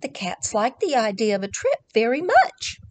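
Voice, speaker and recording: A woman's voice: a little high, huge pitch swings, moderate pace. A woman leading a children's story time, reading a picture book aloud, counting along and talking directly to the children. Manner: warm, sing-song, addresses children directly, counts along.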